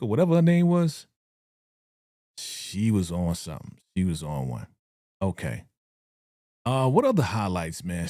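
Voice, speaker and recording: A man hosting a casual live reaction stream about a TV episode, talking in an animated, slangy way and laughing often. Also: fairly low pitch, dry recording, studio quality. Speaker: TV show reaction livestream host.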